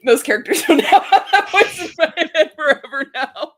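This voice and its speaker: Woman, streamer, casual chat, giggly, excitable, very lively pitch. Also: normal speed. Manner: giggly and excitable, reads aloud in a put-on accent. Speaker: streamer co-host.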